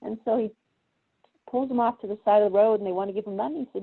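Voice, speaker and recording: A woman's voice: medium pitch, quick pace, creaky, husky. A woman guest telling stories in casual chat, acting out the voices of people in them. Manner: animated storyteller who acts out quoted voices. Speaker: guest speaker. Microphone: video call. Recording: tinny phone-like call audio.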